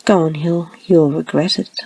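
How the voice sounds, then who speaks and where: A woman voicing a small, calm male robot guardian in a whispered role-play, speaking in a purring, teasing way. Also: on the low side, a little slow, breathy edge, no room sound, far from the mic, poor audio.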